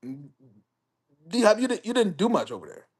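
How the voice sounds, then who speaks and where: A man's voice: high-pitched, huge pitch swings, moderate pace, a little mellow, slightly rough. A young man, hosting a live stream. He talks casually about football, swears freely, and rambles through repeated phrases as he reacts to his chat.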